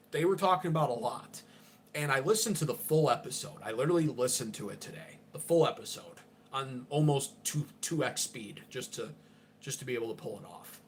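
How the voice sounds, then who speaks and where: A man's voice: mid-range voice, slight background noise. A man under forty, hosting an unscripted political livestream in an abrasive, profane, ranting way.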